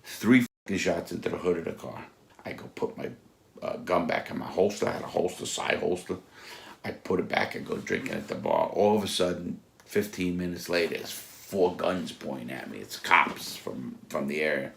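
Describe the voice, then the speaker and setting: A man telling blunt, profane stories from his own past in a casual, animated way. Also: low-pitched, moderate pace, creaky, slight background noise. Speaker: storyteller recounting his past. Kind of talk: casual spoken anecdote. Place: Florida.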